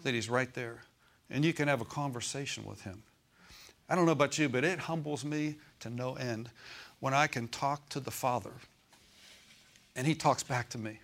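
Male pastor, mid-pitch voice, chatty preaching style with frequent asides to the congregation. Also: normal speed, long pauses, fairly bright tone. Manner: conversational preaching, asks the congregation for agreement. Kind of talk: sermon. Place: church.

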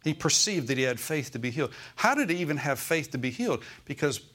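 A man's voice: fairly high pitch, very animated, fast talker, fairly bright tone. A male pastor preaching a Sunday sermon in a church, often calling out "Amen?" and "Okay?" to the congregation.

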